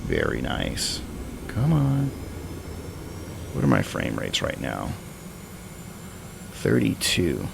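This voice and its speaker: Gravelly-voiced man muttering through a stream. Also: very deep voice, huge pitch swings, takes it slowly, pauses often, noisy background. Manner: rambling, thinking aloud, mutters to himself. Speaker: flight sim streamer. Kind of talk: casual live-stream commentary.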